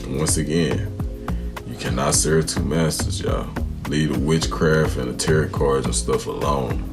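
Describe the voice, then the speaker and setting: A man's voice: a bass voice, steady tone, unhurried, over loud music. A man hosting a reaction channel, giving casual commentary and a preachy warning to viewers. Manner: preachy, addresses viewers as y'all.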